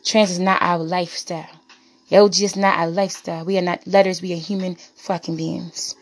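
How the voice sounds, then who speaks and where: A woman holds forth on her podcast in a lowish voice. She is blunt and profane, and she hammers her points home by repeating phrases. Faint music plays underneath. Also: flat delivery, fairly quick. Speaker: podcast host. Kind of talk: impassioned monologue.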